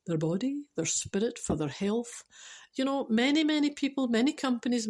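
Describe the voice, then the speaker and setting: A woman's voice: mid-range voice, mellow. Chatty Scottish woman telling jokes. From Scotland. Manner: chatty, dry wit, restarts and laughs at herself. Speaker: storyteller and speaker. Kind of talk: casual joke telling.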